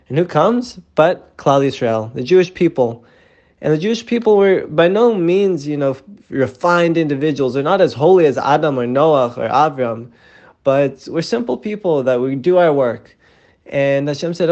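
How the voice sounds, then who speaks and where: A man's voice: a little high, lively intonation, normal speed, darkish tone, dull audio. A man telling a parable in a casual, conversational way, often adding "you know", recorded as a phone voice message. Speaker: storyteller sharing a parable. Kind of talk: casual spoken storytelling.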